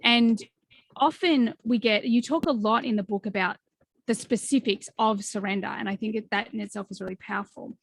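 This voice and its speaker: A woman's voice: mid-range voice, normal speed, creaky. A woman in her forties hosting a podcast interview, talking in an earnest, reflective way with plenty of fillers. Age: 40s. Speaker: podcast host. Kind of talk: conversational interview.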